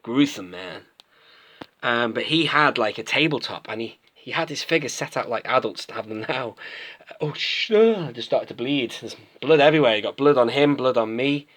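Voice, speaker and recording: A British toy collector in his late thirties rambles enthusiastically as he unboxes and reviews toys for a casual vlog. His voice is medium in pitch and fairly bright, and he speaks at a normal speed.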